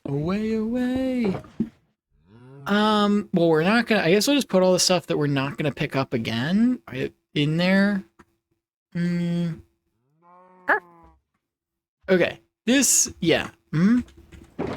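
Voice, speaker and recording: A young adult streamer chats casually over a game, full of giggles and restarts. The voice swoops up and down in a lively, animated way at a middling pitch. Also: slow, long pauses, a little hiss or hum. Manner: giggly, playful, rambling with many restarts. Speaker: live streamer. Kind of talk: casual live-stream chat while playing.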